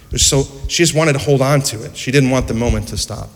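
A man's voice: medium pitch, fast talker. A man preaching a sermon in a church, earnest storytelling with rhetorical questions. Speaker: pastor. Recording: echoey church hall.

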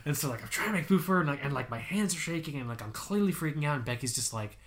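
Young man, podcast co-host, casual storytelling, laughs a lot, swears, animated. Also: on the high side, racing, hardly any pauses.

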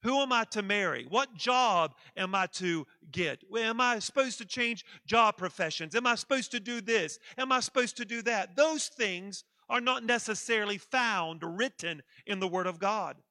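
A man's voice: high-pitched, animated, moderate pace, few pauses, pushed and bright, no room sound, studio quality. A man preaching a sermon, with emphatic delivery that repeats key phrases and leads the congregation in call-and-response. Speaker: pastor.

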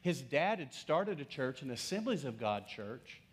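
A man in his fifties, a pastor preaching a sermon and telling a personal story in an animated, conversational way. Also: medium pitch, a little slow.

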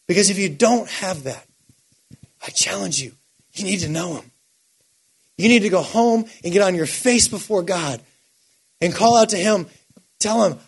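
A man delivers a sermon in a high, husky voice. He climbs from measured, quiet phrases to impassioned, near-shouted peaks, then drops low again. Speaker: preacher.

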